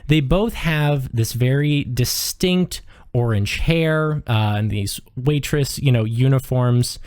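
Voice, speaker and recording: A man's voice: mid-range voice, slow pace, a little mellow, no echo. Casual game master man, dry sound. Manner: casual, loose, filler-heavy description. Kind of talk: narrating a tabletop game.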